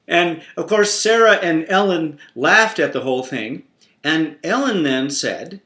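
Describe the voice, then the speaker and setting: Man telling a faith story, slow and lively, pretty echoey room. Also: a little high. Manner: warm, playful, expressive storyteller. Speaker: Christian teacher. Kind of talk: devotional storytelling. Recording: roomy echo.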